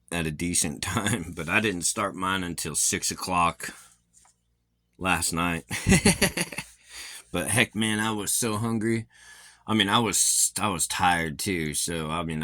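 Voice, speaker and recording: A man's voice: sits low, pushed and bright, dry recording. A man vlogging casually, rambling with many fillers and restarts, his speech a little slurred from a facial injury so that he sounds like he has false teeth.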